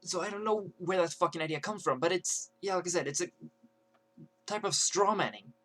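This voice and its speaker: A man's voice: high-pitched, fairly quick, a bit bright. A young man ranting to camera as a vlogger, rambling with many fillers and restarts.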